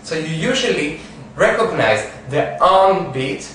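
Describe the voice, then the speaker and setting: A man's voice: fairly high pitch, expressive, measured pace, fairly bright tone, distant mic, slight background noise. A man giving a piano lesson, explaining rhythm, counting beats aloud and singing short phrases. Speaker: piano teacher. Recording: echoey room, piano, voice from off mic.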